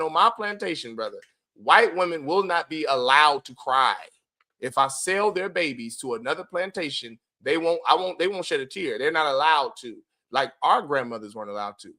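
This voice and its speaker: A man hosting a livestream, giving a forceful, preachy commentary and often calling his listeners brother. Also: a little high. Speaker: host of a religious group's class.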